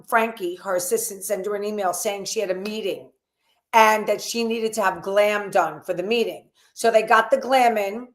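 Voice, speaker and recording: Echoey woman gossip storyteller. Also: fairly high pitch. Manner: lively storyteller, acting out quoted dialogue. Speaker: co-host. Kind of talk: casual gossip livestream chat. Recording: echoey room.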